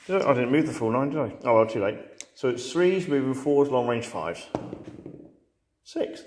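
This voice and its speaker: A man hosts and plays a tabletop wargame, commentating casually in a chatty, joking way with quick asides. His mid-range voice is animated and a little mellow, echoing with long reverb in a roomy hall.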